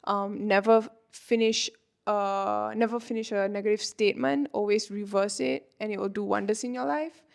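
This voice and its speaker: A woman's voice: mid-range voice, steady tone, normal speed, vocal fry. A woman in her twenties, a manifestation coach talking casually to camera, chatty and filling her talk with "like" and "you know", laughing often. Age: 20s.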